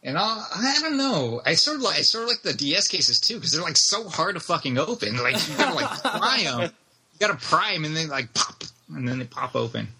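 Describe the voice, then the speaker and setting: Bright, animated man chatting casually. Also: on the high side, fairly quick, breathy edge. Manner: animated, swears freely, laughs often. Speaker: podcast co-host. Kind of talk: casual chat about video games.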